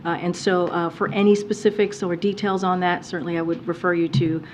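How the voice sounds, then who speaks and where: Woman press secretary at the podium, lowish voice, hedgy and careful, lots of uh and restarts. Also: flat delivery, a little fast, a little mellow, slight background noise. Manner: careful, hedging, frequent restarts and fillers. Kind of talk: press briefing answers. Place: press briefing room.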